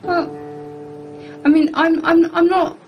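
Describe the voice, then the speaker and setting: A woman's voice: extremely high pitch, little pitch movement, slow pace, lo-fi sound, soft background music. A woman in her thirties hosting a casual studio live stream, chatting in a rambling, self-mocking way. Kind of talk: casual chat. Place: music studio.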